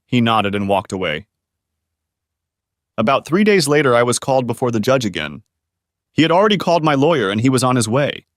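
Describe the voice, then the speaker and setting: A man narrating a first-person revenge story in an expressive reading voice. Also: mid-range voice, a little fast, pauses often, no echo, studio quality.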